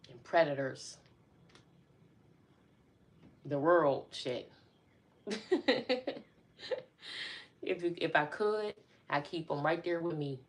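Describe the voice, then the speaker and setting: Woman, middle-aged, low pitch, casual live-stream chat, talks to viewers as y'all. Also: lively intonation, drawn-out words, long pauses. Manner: chatty, addresses viewers as y'all.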